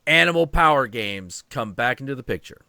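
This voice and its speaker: A man hosting a stream, telling a story in a casual, animated, profane and rambling way. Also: medium pitch, a little fast, vocal fry, clean tone, no room sound, studio quality.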